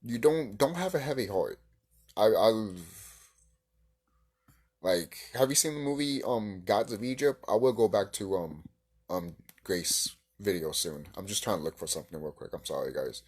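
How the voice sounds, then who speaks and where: Man reacting on his channel, husky tone, lively pitch, profane heated rant. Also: normal speed. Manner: heated, profane, swings between shouting and hushed musing. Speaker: video creator reacting to a clip. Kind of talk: ranting reaction commentary.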